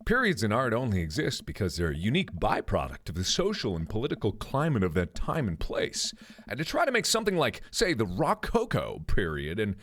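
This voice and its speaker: A man's voice: fairly low pitch, wildly swooping pitch, a little fast, a bit bright, voice pushed down, exaggerated voice. A man voicing a passionate, pedantic art-teacher dad in a video game, lecturing earnestly about art movements.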